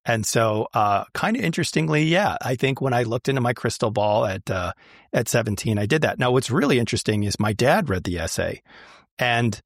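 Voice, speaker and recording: Man, casual storyteller, chatty with lots of fillers, mid-pitched, dry close sound. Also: animated, a little fast, dry recording. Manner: chatty, many fillers and restarts. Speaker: guest.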